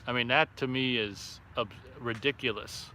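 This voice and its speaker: A man's voice: mid-range voice, normal speed, pushed and bright, a little hiss or hum. A man hosting a casual live stream outdoors by a fire at night, reading viewer comments aloud and reacting offhandedly. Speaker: livestream host reading chat.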